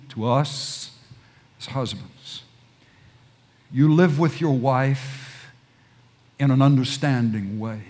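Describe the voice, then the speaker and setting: A man preaching a sermon, dropping to near whispers and then rising to urgent, repeated emphasis. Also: mid-range voice. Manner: repeats and restarts phrases when pressing a point.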